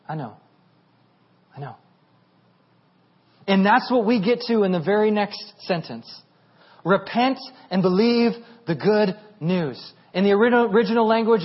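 A high-voiced man in his thirties delivers a lively, humorous sermon, jumping between teaching and family stories. The recording sounds dull and muffled. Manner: animated, humorous storytelling. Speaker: pastor.

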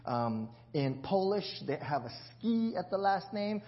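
A man's voice: high voice, big pitch swings, a little slow, lo-fi sound. A male pastor giving a conversational sermon, asking the congregation questions and joking about himself. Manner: jokes and laughs at himself. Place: church.

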